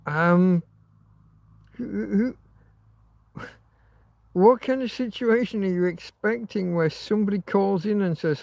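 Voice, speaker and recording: A man's voice: high-pitched, slow, gravelly, pauses often, darkish tone, dry recording. A man hosting a casual livestream from inside a tent, rambling and swearing freely. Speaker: livestream host.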